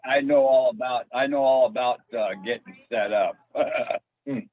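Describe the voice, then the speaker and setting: A man's voice: medium pitch, normal speed, dry recording. A man hosting a casual chat, laid-back and calling his guest "bro". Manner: laid-back, says "bro", short reactions. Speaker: host. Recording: dull lo-fi dry sound.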